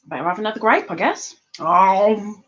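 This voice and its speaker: A woman hosting a live-streamed trivia game, chatty and playful, reading the questions out slowly. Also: medium pitch, expressive, a bit bright, highs cut off. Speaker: livestream quiz host.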